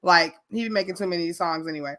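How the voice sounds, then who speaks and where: A woman with a Chicago accent, co-hosting a casual TV recap chat, talking in an animated and profane way and laughing often. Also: on the low side, fast. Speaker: podcast co-host.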